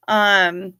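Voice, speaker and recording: A woman hosting a casual livestream, reading viewer comments in a gentle, sympathetic way. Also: on the high side, breathy edge. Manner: slow, gentle and sympathetic, talking to chat. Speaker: livestream host.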